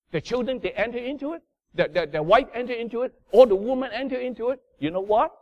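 A man preaching a sermon in non-native English, emphatic, swinging from loud bursts down to low murmurs. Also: no room sound. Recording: dull lo-fi sound.

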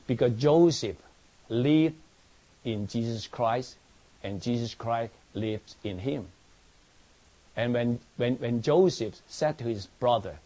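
Slow-paced preacher man. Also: medium pitch, a little mellow. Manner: repeats words and restarts, asks the congregation if they understand. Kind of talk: sermon.

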